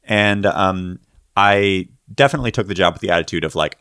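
Brief: young man, very low voice, dry sound, rambling filler-heavy podcast storyteller. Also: a little fast, a bit bright, clear, resonant tone, no echo. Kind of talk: casual podcast chat.

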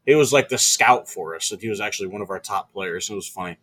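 A young man in casual chat, telling stories in an animated way, swearing often and laughing mid-sentence. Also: fairly low pitch, quick pace, breathy edge.

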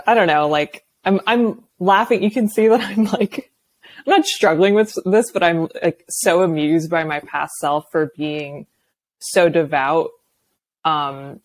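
A woman's voice: low voice, no echo. A woman in her twenties, a podcast guest in casual chat, talking in a chatty way, laughing often and filling her talk with "like". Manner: chatty, laughs often, many filler likes.

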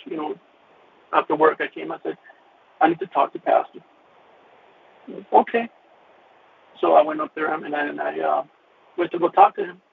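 Man giving a halting, emotional testimony, with a gravelly voice that swings up and down in pitch, over a tinny line. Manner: halting, with many restarts and repeated words. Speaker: caller sharing a personal testimony. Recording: tinny phone-like line with faint hiss.

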